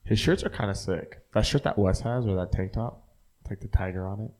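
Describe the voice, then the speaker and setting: A man's voice: fairly low pitch, fairly quick. A young man co-hosting a podcast, telling stories with acted-out quotes and plenty of swearing. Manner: animated storyteller, acts out quotes, swears freely. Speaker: podcast co-host. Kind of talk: casual banter.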